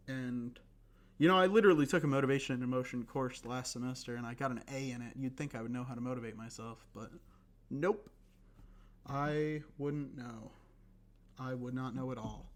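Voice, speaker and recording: A hoarse young man hosting a casual solo podcast, rambling and self-deprecating with lots of fillers and restarts. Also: medium pitch, fairly even intonation, a little fast. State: hoarse, recovering voice. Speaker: podcast host.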